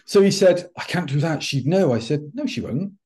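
A middle-aged man, a podcast guest, telling a personal story in an animated way and acting out the dialogue. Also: on the high side, unhurried. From United Kingdom. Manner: animated, acts out quoted dialogue. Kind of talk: anecdotal storytelling.

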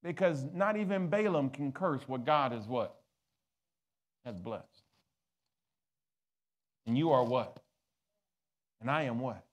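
A man's voice: medium pitch, slow, long pauses. A man pastoring a church, preaching a sermon and calling on the congregation to answer back. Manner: preaching, rising to loud exhortation, calling for responses. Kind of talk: sermon with audience call-and-response.

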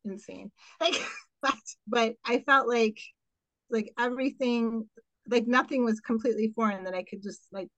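A middle-aged woman, an occupational therapist, telling her story in a casual podcast interview, animated and full of fillers and quoted voices. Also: a little high, normal speed, no room sound, lo-fi sound.

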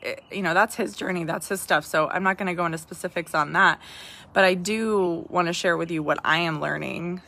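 A woman's voice: on the low side, brisk, creaky, bright, forceful tone. A woman in her thirties hosting a podcast, sharing personal reflections with listeners in a heartfelt way, often restarting phrases and asking "right?". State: tearful at times. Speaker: podcast host.

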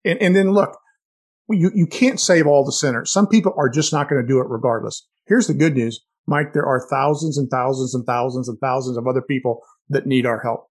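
A man co-hosting a sales podcast, talking in an animated way and telling stories with frequent restarts. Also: medium pitch, brisk, slightly rough. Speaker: podcast co-host. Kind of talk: casual sales chat.

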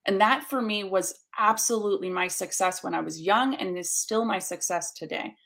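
A woman's voice: medium pitch, normal speed, gravelly, fairly bright tone. Woman, interview guest, coach, upbeat, emphatic. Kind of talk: conversational interview.

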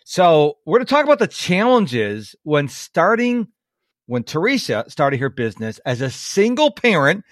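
A man's voice: fairly high pitch, very animated, unhurried, dry recording, studio quality. A man hosting a podcast interview, enthusiastic and playful. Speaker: podcast host.

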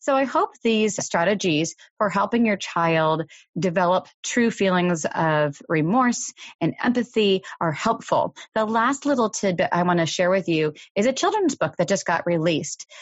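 A woman with a slightly low voice gives parenting advice in a calm, measured, explanatory manner. The sound is dry and a little dull, like a lo-fi home recording. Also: dry recording. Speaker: parenting podcast host. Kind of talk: advice talk.

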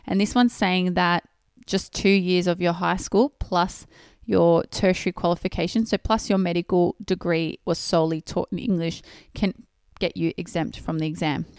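A woman's voice: lowish voice, fairly even intonation, darkish tone, no room sound, clean studio sound. A woman from Australia, hosting a podcast and explaining rules step by step in plain terms. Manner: clear, methodical explaining with pauses to rephrase. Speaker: podcast host.

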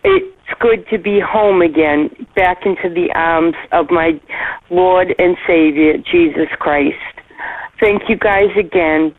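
A middle-aged woman leaving a voicemail, telling a heartfelt personal story in a slow, earnest way with soft pauses. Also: fairly low pitch, no echo. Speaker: listener leaving voicemail feedback. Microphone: phone. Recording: tinny phone line, faint hiss.

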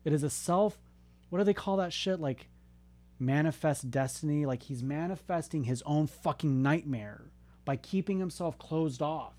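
Swearing heavily and speaking with blunt passion, this thirty-something man delivers a frank pep talk pushing people to be open and seek help. His voice sits on the high side with a darkish tone, and he keeps a moderate pace.

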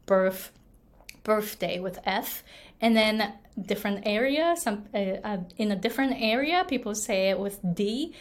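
Slow easygoing lady, talking thru her pronunciation tips, lots of "right?" and little laughs. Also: a little high. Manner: relaxed, repeats "right?" and laughs often. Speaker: pronunciation coach and podcast host. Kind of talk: casual solo episode monologue.

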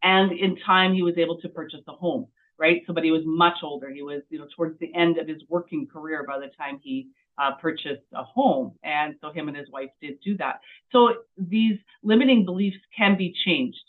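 A woman's voice: deep voice, moderate pace. A woman hosting a live mindset call, talking in a rambling, hesitant way with many fillers. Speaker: host of a daily mindset call. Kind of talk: casual talk on a live group call. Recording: tinny phone-like call audio.

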